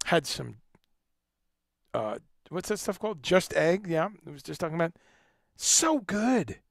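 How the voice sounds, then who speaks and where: Joking guy hosting a livestream, gravelly voice sitting a bit high, totally dry close sound, cusses casually. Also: unhurried, no echo. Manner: animated, joking, swears casually. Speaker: livestream host.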